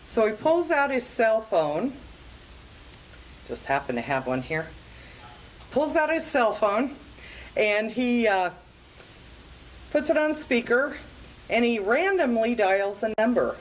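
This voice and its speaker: A woman telling a comic story at a club evening, with a slow, amused delivery. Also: a little high, very animated, a little hiss or hum, rough recording. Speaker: joke teller at a club event.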